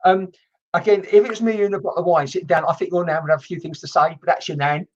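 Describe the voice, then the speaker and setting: A husky-voiced woman gives a mediumship reading on a live stream, chatty and excitable with casual swearing. Her voice comes through a dull, lo-fi computer mic. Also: fairly low pitch, fast. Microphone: computer mic on a video stream.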